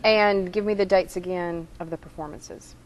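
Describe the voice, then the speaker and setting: A woman's voice: on the low side, fairly even intonation, normal speed, over a noisy crowd, rough recording. A woman hosting a casual interview, chatty and joking, saying y'all. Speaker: host.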